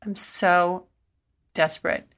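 Bright-voiced woman telling frank stories. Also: fairly low pitch, steady tone, slow. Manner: frank, breathless, laughs often, rambling restarts. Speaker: podcast host. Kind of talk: candid personal storytelling.

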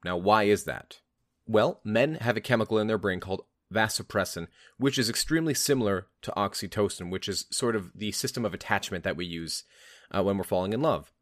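Man, relationship coach, lowish voice, dry close sound, explains step by step to viewers. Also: brisk, no room sound. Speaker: relationship coach and channel host. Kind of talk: explanatory talk to camera.

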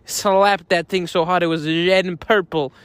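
A man's voice: sits high, steady tone, moderate pace, smooth, dry recording. A man hosting a comedy podcast, telling a rambling, mock-outraged story and laughing at his own jokes. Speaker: podcast host. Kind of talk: comedic monologue in character.

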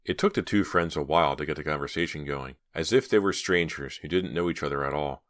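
A man's voice: very deep voice, fast talker, no echo, studio quality. A man narrating a young adult horror novel as an audiobook, reading every part himself. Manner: reads all parts, raising his voice for the girls' lines. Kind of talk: scripted narration with character voices.

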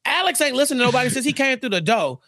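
A man's voice: very high voice, very animated, rapid-fire, sharp tone, no room sound, studio quality. A man co-hosting a podcast, chatting casually and animatedly, acting out characters' lines as he recaps a TV episode. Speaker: podcast co-host.

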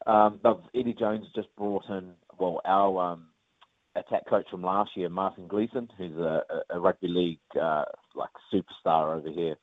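A man's voice: low voice, normal speed, dry recording. A man with a New Zealand accent, a rugby player chatting casually in an interview, rambling with plenty of ums. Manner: relaxed, rambling, lots of ums and uhs. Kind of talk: casual interview over the phone. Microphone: phone. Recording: tinny dry phone line.

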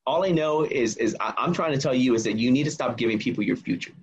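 Husky-voiced man telling a story. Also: medium pitch, quick pace, poor audio. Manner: animated, acts out quoted dialogue. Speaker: guest telling a personal story. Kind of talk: casual storytelling.

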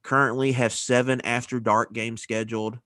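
A man's voice: medium pitch, little pitch movement, normal speed, fairly bright tone, no room sound, studio quality. A man co-hosting a casual college football podcast, running through his notes in a matter-of-fact way. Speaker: podcast co-host. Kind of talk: casual sports chat.

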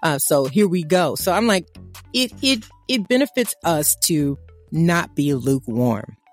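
Lady going off about faith on a podcast, lively and preachy, little bit of music under it. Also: deep voice, a little slow. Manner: animated, preachy, conversational. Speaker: podcast co-host. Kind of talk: casual faith talk.

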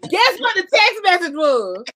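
A woman with a Southern US accent bantering loudly with friends, profane and laughing. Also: very high-pitched, very animated, a little slow, crowd noise. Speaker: friend in group chat. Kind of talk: loud casual banter.

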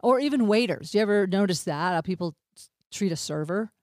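A woman's voice: medium pitch, lively intonation, fairly quick, a little mellow, no echo, clean studio sound. A woman hosting a casual interview, supportive and chiming in. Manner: supportive, finishing the guest's sentences.

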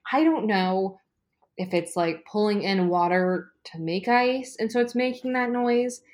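A woman hosting a casual sports podcast, rambling excitably and swearing freely. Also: mid-range voice, measured pace. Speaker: podcast host. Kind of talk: casual chat. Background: ice maker noise from a fridge.

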